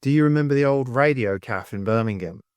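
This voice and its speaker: Guy cohosting a podcast, normal pitch, chatty questions, dry close mic. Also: fast, smooth, dry recording. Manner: conversational, asks questions. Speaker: podcast co-host. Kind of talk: casual chat.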